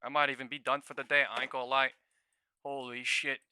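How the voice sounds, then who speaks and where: A young man hosting a live stock trading stream, swearing freely and breaking into shouts and laughter between quick market calls on a new studio mic. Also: medium pitch, little pitch movement, very noisy. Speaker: day-trading livestream host. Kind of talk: excited live trading commentary.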